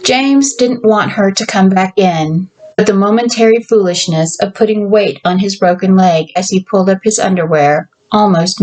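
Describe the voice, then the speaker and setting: Woman author narrating her story, slow and measured. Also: mid-range voice, a little mellow, low-quality recording. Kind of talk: story reading.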